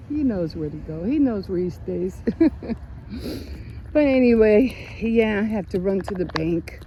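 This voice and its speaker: A woman's voice: mid-range voice, lo-fi sound, slight background noise. A middle-aged woman vlogging in a rambling, chatty way, often restarting her sentences. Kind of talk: casual vlog chat.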